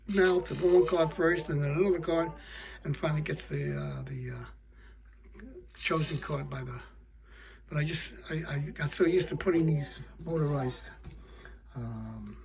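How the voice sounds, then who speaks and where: A man's voice: a little high, vocal fry, darkish tone. Rambling man explaining puppetry. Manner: rambling, many fillers and restarts. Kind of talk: casual how-to explanation.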